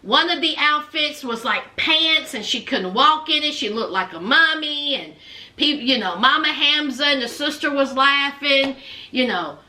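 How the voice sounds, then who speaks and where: Woman doing a chatty show recap, high voice that swings all over, slow and easy, says honey a lot. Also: echoey room. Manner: animated, says honey and child, acts out quotes. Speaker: commentary vlogger recapping a reality show.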